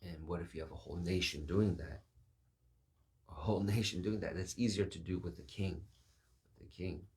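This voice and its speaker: A man's voice: low voice, fairly even intonation, moderate pace, long pauses. A man giving a reflective, sermon-style talk, musing aloud and acting out quoted voices.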